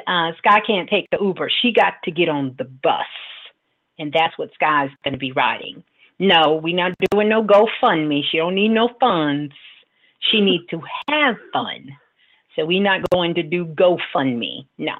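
A middle-aged woman host gives casual advice in a slightly low voice. She teases and laughs often, and acts out the people she quotes. The sound is thin and tinny, like a phone line. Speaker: radio host and spiritual advisor.

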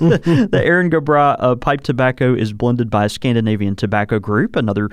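Smooth-voiced man, chatty podcast host. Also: medium pitch, moderate pace, no echo, studio quality. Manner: rambling, many fillers and restarts. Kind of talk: casual chat about pipes.

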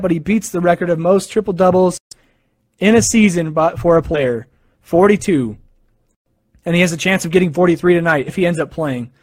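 A young man talking casually about basketball, telling stories in an excited, animated way. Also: sits high, dry recording. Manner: excited, animated storytelling with quick asides. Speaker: sports fan sharing opinions. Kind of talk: casual monologue.

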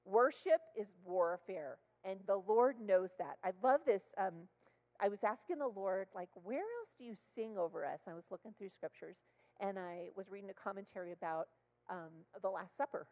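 A woman preaching a passionate sermon in church, often rising to loud exclamations. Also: medium pitch, normal speed, long reverb tail, rough recording. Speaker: guest speaker. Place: church sanctuary.

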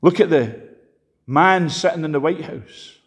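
A man preaching a sermon, impassioned, swinging sharply between loud and quiet. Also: unhurried. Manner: impassioned, rises and drops sharply in pitch and volume. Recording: long hall reverb.

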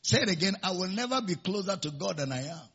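A man's voice: high voice, lively intonation, quick pace, fairly bright tone, husky, lo-fi sound. A man preaching a sermon and leading the congregation in call-and-response declarations. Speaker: pastor.

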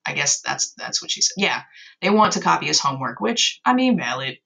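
A woman's voice: low voice, very animated, fairly quick, vocal fry, sharp tone, poor audio. A young woman casually recapping an old story of hers, sarcastic and self-mocking, swearing freely. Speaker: podcast host.

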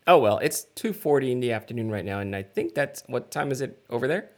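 Man, podcast co-host, easygoing, animated pitch, stammers, casual chat. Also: fast talker. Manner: easygoing, stammers and restarts, laughs a lot. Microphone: video call.

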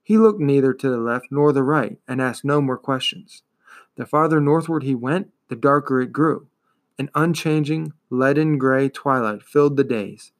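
In a mid-range voice, a male reader narrates a fantasy novel with measured pacing and expressive storytelling.

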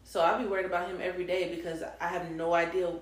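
A woman co-hosting a casual podcast chat, telling a personal story in an animated way and acting out the people she quotes. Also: fairly low pitch, fast talker, roomy sound. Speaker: podcast co-host.

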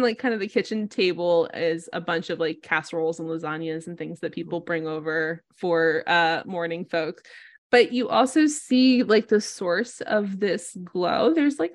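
A woman's voice: fairly low pitch, no echo, clean studio sound. A woman narrating a tabletop game as game master, loose and full of fillers.

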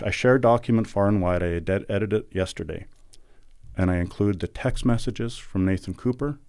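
A middle-aged man from Alberta, Canada, speaks as an interview guest in a fairly low, warm and mellow voice. He talks earnestly and with indignation, leaning hard on the points he makes. The recording is dry and close. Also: dry recording. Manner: earnest and indignant, emphatic recounting. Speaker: podcast guest. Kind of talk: conversational interview storytelling.

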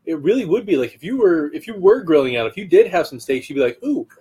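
A man's voice: on the high side, big pitch swings, fast, dark tone, breathy edge. A man co-hosting a casual beer-tasting chat, a laid-back storyteller who swears often. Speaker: podcast co-host.

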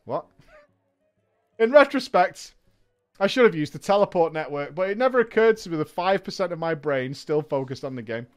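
A man with a high voice reads a story aloud to his viewers, his pitch leaping all over the place. He reads casually and keeps stopping for laughs and sweary, mocking remarks. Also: normal speed, soft background music. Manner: lively reading broken by laughs, swearing and mocking asides. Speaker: streamer reading a story aloud. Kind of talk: casual reading with reactions.

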